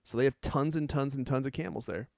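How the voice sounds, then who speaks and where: A man's voice: mid-range voice, quick pace, gravelly, darkish tone, no room sound, studio quality. A man co-hosting a live tech podcast, chatty and laughing often as he reads viewer comments aloud. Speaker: podcast co-host. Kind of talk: casual live-stream chat. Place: home studio on a live camera stream.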